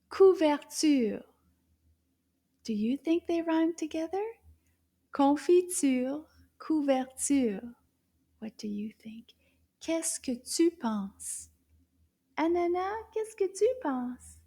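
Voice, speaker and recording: A woman teaches young children in a slow, patient voice. Her voice sits high but sounds mellow, and she often drops to a soft whisper. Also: lively intonation. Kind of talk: slow, clear teaching to kids.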